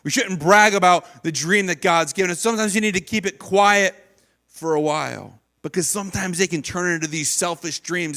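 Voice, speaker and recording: A male pastor preaching a sermon in a church, animated and acting out the voices of people in the story. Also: high-pitched, normal speed. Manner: animated, acts out quoted voices of biblical figures. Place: church stage.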